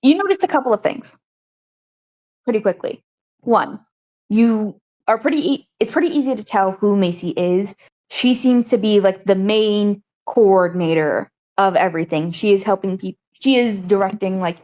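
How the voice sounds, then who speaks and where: A woman game master describing a crowded scene to her players. She speaks at a middle pitch, pausing on fillers as she thinks. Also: darkish tone. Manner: filler-heavy, descriptive narration. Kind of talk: narrating a tabletop game.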